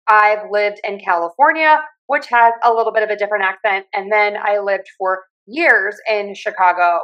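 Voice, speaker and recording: Female podcast host with a light Pittsburgh accent, measured and clear, teaching as she talks. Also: mid-range voice, a bit bright, low-quality recording. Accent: Pittsburgh, softened by years in other US regions. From Western Pennsylvania. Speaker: podcast host and communication coach. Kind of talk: solo podcast talk.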